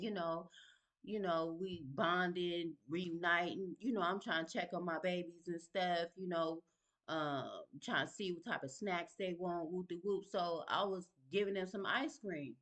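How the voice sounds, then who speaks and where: A middle-aged woman with a fairly low voice tells her own story in an animated, slangy way. She talks straight to the listener and keeps checking that they follow her. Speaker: vlogger sharing her story. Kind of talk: personal storytelling.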